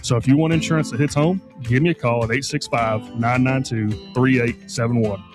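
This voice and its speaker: A man's voice: medium pitch, steady tone, fairly quick. A man from Tennessee, reading a friendly, folksy radio ad. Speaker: insurance ad spokesman. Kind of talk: scripted radio ad. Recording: guitar music bed behind.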